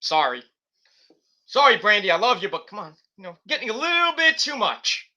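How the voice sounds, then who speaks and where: With a sing-song, high voice that sounds pushed and bright, a man at a computer setup hosts his wrestling review at normal speed. The talk is a loose rant, heavy on swearing and self-corrections.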